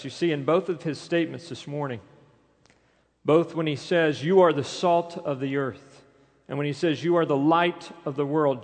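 A man preaching a sermon as pastor, emphatic and full of rhetorical questions, recorded in a church sanctuary. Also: a little high. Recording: long reverb of a large hall.

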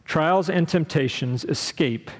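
A man's voice: on the high side, takes it slowly, in a large hall. A man from Texas preaching a sermon as pastor, talking conversationally with asides and questions to the congregation.

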